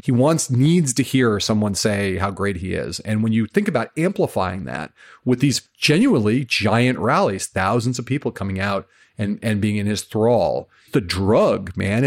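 A man, a political journalist hosting a casual discussion, talking in a brisk, frank, storytelling way with some profanity. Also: medium pitch.

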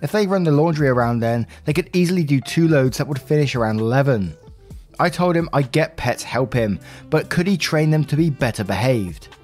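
A man talks through online stories in a casual, friendly reading voice. He sounds like a channel host chatting to regular viewers. Soft music plays faintly behind him. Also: mid-range voice, animated, brisk.

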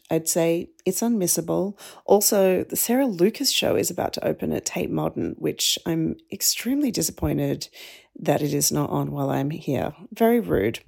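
A woman's voice: low-pitched, vocal fry, warm tone, breathy edge. A woman podcast co-host chatting in a breezy, rambling way in a casual voice memo. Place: walking around a city, sending voice memos.

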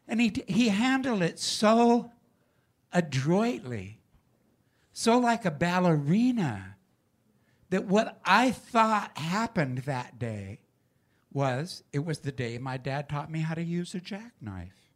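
A man's voice: fairly high pitch, big pitch swings, slow pace. An older man, a rural-raised singer-songwriter, telling folksy stories in an interview, emotional and often laughing. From rural United States. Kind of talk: storytelling interview.

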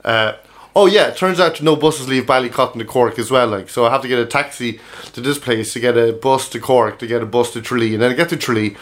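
A man's voice: mid-range voice, fast talker. A man, a comedian co-hosting a podcast, telling rambling travel anecdotes in casual chat.

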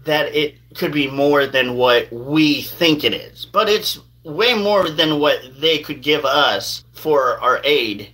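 Brief: male podcast host, casual news commentary, rambling and hedging, bright and a bit high-pitched. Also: expressive, takes it slowly, few pauses, low-quality recording. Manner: rambling, hedges with "allegedly".

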